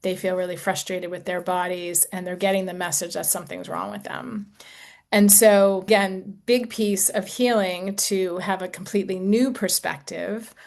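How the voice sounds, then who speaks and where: Gentle woman in her sixties, coaching. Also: on the low side, steady tone, normal speed, gravelly. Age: 60s. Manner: gentle, reflective, conversational with fillers. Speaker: intimacy coach. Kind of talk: talk to a group.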